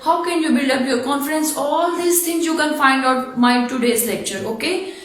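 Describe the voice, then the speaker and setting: Female English teacher with a Pakistani accent, high voice, very echoey room, slow deliberate delivery. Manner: slow, deliberate spelling out of letters and sounds. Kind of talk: online spoken English lesson.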